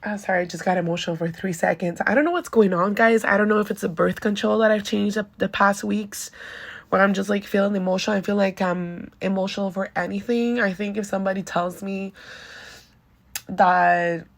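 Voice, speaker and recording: Candid woman host with a gravelly edge. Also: medium pitch, fairly even intonation, brisk. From Venezuela. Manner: candid and chatty, heavy use of "like". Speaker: podcast host. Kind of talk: casual personal monologue.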